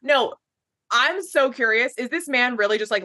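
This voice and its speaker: A woman co-hosting a podcast, chatting in an animated way and laughing easily. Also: a little high, moderate pace. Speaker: podcast co-host. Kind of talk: casual recap chat.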